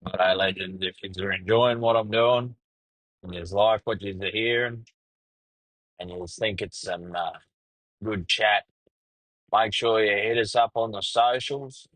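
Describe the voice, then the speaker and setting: A fairly low-pitched, fairly bright voice belongs to a middle-aged Australian podcast host and truck driver. At a measured pace with frequent pauses and fairly even intonation, he tells a laid-back, crude, swear-filled trucking story on a low-quality recording with no echo.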